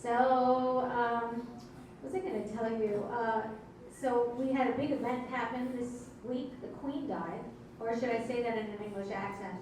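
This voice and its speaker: A woman's voice: fairly high pitch, steady tone, a little slow, a little mellow, slight background noise. A woman, emceeing stand-up comedy in a club with wry, teasing crowd work. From Brooklyn, New York. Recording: echoey club audio from far off.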